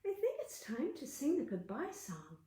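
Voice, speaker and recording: Woman, storytime librarian, sing-song, high and lively, roomy echo. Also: normal speed, a little hiss or hum. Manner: sing-song, coaxing questions to young children. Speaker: children's librarian. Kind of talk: online children's storytime.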